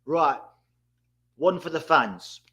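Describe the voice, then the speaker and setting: A man hosting a live watchalong, reacting excitedly to the match and chatting to his viewers. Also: a little high, slow. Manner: excitable, bursts out at big moments, talks to chat. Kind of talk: live match commentary and chat.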